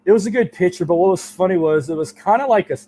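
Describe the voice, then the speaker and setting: A man guesting on a podcast interview, telling loose, animated stories with casual swearing. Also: sits high, quick pace, a little hiss or hum. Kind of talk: casual chat.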